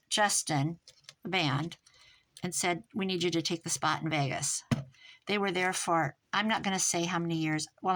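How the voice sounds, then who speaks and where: A middle-aged American woman telling a long story in casual chat, rambling and animated, with restarts and quoted dialogue. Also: fairly low pitch, a little hiss or hum, low-quality recording. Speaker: crafting vlogger.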